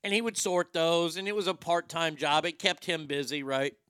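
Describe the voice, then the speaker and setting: A man's voice: on the high side, moderate pace, smooth, no room sound, clean studio sound. A middle-aged man doing stand-up, telling a crude family story and acting out the quotes. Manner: crude, animated, acts out quotes. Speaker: stand-up comedian.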